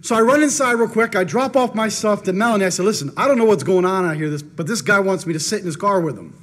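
A man preaching, telling a personal story in an animated first-person way and acting out his own thoughts. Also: high-pitched, fast talker. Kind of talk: storytelling in a sermon.

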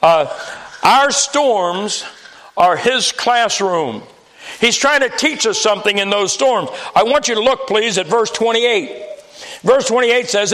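A man's voice: sits high, lively intonation, slow pace, a bit bright. A man preaching a sermon in a church, folksy and storytelling with touches of humor.

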